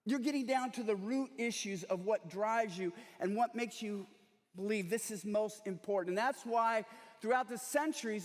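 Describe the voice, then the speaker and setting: A man's voice: sits high, in a large hall. A male pastor preaching a sermon, telling anecdotes with touches of humor in a storytelling manner. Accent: Texan. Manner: storytelling with humor and quoted last words. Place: large church sanctuary.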